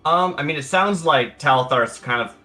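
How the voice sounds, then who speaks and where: Sex: man. Role: bright-voiced, rambling game player. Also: a little high, animated, normal speed, faint music behind. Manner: musing, hedging, full of fillers. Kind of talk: casual chat about a tabletop character.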